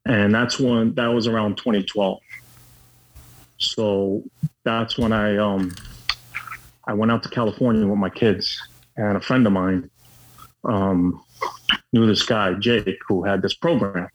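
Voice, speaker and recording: A man's voice: lowish voice, fairly even intonation, measured pace, pauses often, muffled recording. A middle-aged man telling his own story candidly, blunt and profane, with lots of fillers. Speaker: guest.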